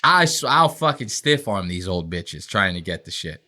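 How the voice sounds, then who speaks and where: Bright, animated man ranting on a podcast. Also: low voice, normal speed. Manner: profane, ranting, acts out quotes in voices. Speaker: podcast host. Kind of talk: casual podcast rant.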